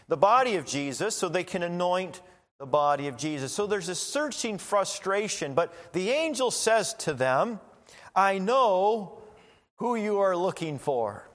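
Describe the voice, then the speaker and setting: A man preaching a sermon as a pastor, slow and deliberate, rising in emphasis on key points. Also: high-pitched. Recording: long reverb of a large hall.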